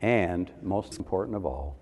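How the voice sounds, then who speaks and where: A man's voice: low voice, expressive, a little slow, very noisy. A man in his seventies from Canada, telling playful personal anecdotes as a panelist and acting out the voices of people he quotes. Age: 70s. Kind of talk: storytelling panel talk. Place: large hall. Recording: reverberant hall.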